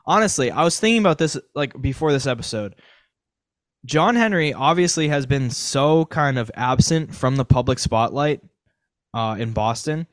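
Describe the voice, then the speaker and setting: A man co-hosting a casual sports podcast, thinking out loud with a rambling, speculative way of talking. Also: medium pitch, animated, normal speed, dry recording. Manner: rambling, speculative, many fillers and restarts. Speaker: podcast co-host.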